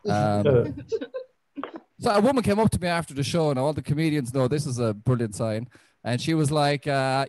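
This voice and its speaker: A man's voice: a little high, fairly quick, no echo, rough recording. Irish man doing stand-up. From Ireland. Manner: deadpan, self-deprecating, swears often. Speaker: stand-up comedian. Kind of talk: stand-up comedy set. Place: comedy club stage.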